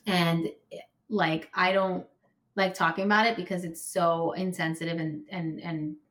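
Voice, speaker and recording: American woman, lowish voice, telling her story in casual chat, lots of "like", gets loud and worked up. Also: steady tone, unhurried. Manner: emotional, heavy use of "like", bursts of raised voice when retelling anger. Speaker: podcast guest. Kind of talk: candid conversational storytelling.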